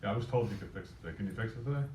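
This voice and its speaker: Man, improvised role-play, low voice, animated storyteller, echoey room, distant noisy recording. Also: very fast. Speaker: workshop presenter playing a homeowner in a sales role-play.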